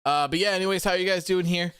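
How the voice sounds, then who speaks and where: A young man hosting a wrestling post-show livestream, chatting casually with a rambling, relaxed manner and reading out viewer comments. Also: high voice, very fast, smooth, no echo, clean studio sound. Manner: rambling and relaxed, many fillers and repeats.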